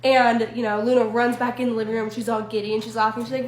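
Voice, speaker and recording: A young woman tells a creepy story from her own life in a casual storytime, talking into her phone. Her voice sits a little high and bounces around a roomy, echoey space. She swears freely and keeps turning to the viewers. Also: flat delivery, quick pace, few pauses. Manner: chatty, swearing, asides to viewers. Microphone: phone selfie video. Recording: echoey room.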